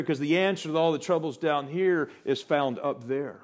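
A man preaching a sermon, swinging from loud, rising declarations to soft, slow, hushed passages. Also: a little high.

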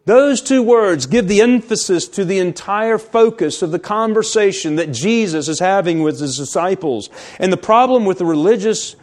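A man preaching a sermon, reading scripture aloud and explaining it, slowing down to stress key words. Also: sits high, lively intonation, a little mellow. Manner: reads scripture aloud, then explains it with emphasis. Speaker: pastor.

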